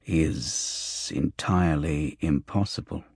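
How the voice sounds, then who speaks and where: Man doing a gruff hushed older man, deep, slow, swearing under his breath, dry close sound. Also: dry recording, full character voice. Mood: low and tense. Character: tense gruff older man holding a gun.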